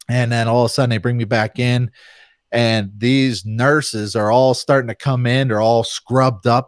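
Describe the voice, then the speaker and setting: A man recalls his own story as a podcast guest, casual and animated, with his voice jumping up whenever he plays someone he quotes. His pitch sits in the middle range. The sound is close and dry. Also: dry recording. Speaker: podcast guest, former fighter.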